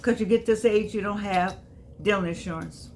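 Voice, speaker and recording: A woman's voice: medium pitch, moderate pace, darkish tone, a little hiss or hum. Chatty woman in her eighties. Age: 80s. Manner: folksy, repeats herself, emphatic. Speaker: vlogger. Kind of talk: casual spoken reflection.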